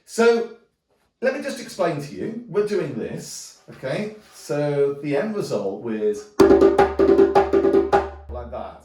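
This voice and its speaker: Man, drum teacher, relaxed explanations, slow delivery, roomy distant sound, drumming in between. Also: fairly high pitch, music in the background. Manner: relaxed, explanatory, checks in with "okay?". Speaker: djembe teacher. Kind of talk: demonstrating drum technique. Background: djembe drumming.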